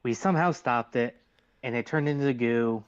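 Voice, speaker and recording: A man playing a tabletop game, rambling quickly and excitably in character. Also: medium pitch, clear, resonant tone, lo-fi sound. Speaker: player. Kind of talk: in-character tabletop role-play.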